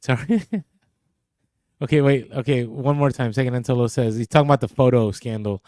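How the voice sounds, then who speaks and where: A man co-hosts a relaxed podcast, reading comments from the chat and laughing easily. His voice is mellow and low in brightness, and it sits close to a dry studio mic. He gets animated when something catches his interest. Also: a little fast, no echo. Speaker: podcast co-host. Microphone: podcast studio mic, too close at times.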